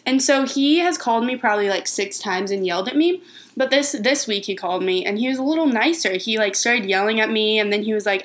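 Young woman co-host, slightly high voice, loose filler-heavy storyteller. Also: brisk, fairly bright tone. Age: young adult. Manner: rambling, laughing storytelling with filler words. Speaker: podcast co-host. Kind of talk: casual chat.

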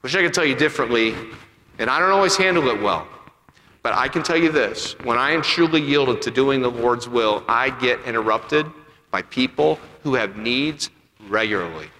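Male preacher, bright higher voice, dynamic sermon delivery, recorded in a reverberant sanctuary. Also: lively intonation, normal speed, slight background noise. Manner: dynamic, swings between loud emphatic peaks and quiet asides. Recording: echoey hall with long reverb.

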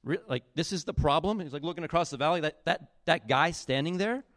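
A man preaching a sermon, retelling a Bible story in a casual, animated way with acted-out quotes. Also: fairly high pitch, normal speed, no echo, studio quality. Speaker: pastor.

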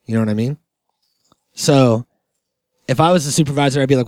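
A man's voice: medium pitch, a little fast, darkish tone, no echo, clean studio sound. A man co-hosting a podcast, telling rambling stories full of "like" and swearing. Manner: rambling storyteller, heavy swearing and filler "like". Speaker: podcast co-host. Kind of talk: casual chat.

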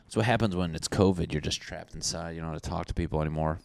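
Profane low-voiced man ranting on a podcast. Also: fast, creaky, no room sound. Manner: profane, rambling, acts out neighbors in loud mocking voices. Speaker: podcast host. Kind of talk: solo comedic podcast rant. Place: indoors at home.

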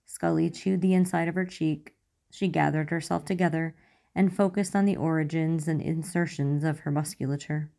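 A woman with a low, dark, mellow voice reads a romance story aloud. Her delivery is measured and soft, steady line by line. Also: gravelly. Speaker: narrator. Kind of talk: reading romance fan fiction aloud.

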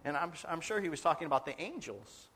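High-voiced pastor telling a story. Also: male voice, lively intonation, fast, a bit bright, a little hiss or hum. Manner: earnest, dramatic retelling with quoted dialogue. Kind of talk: sermon storytelling.

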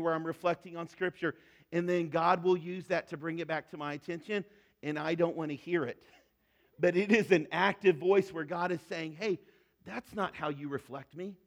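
A middle-aged man preaching a sermon in an earnest, conversational way that often drops to a soft, hushed tone. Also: sits high. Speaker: pastor.

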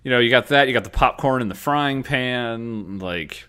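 A man co-hosting a casual podcast chat, slangy and animated, often acting out characters' lines. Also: medium pitch, normal speed, clean tone. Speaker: podcast co-host.

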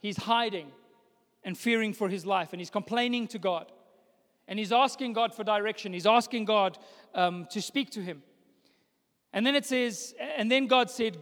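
Young male pastor, high voice, preaching into a mic in a hall with long reverb; swings from hushed to loud declarations. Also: normal speed. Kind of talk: sermon. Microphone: microphone.

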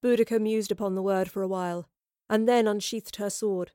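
Woman narrator, storybook reading, steady, even, dry close sound. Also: medium pitch, a little fast, no room sound.

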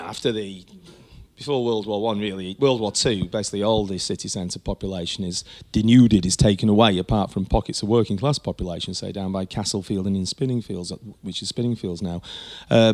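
Gravelly-voiced enthusiastic tour guide man. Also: lowish voice, darkish tone. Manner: enthusiastic, rambling with many restarts. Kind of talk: conversational architectural history chat.

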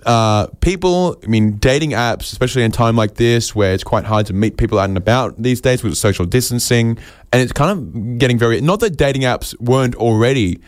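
A man doing an absurd stand-up set, rambling and deadpan, often interrupting himself. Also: mid-range voice, no echo, clean studio sound. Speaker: stand-up comedian.

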